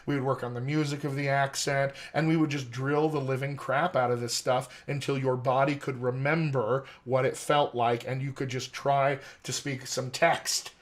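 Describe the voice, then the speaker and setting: A man working as an accent coach, talking in a casual interview in animated, quick bursts. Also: medium pitch.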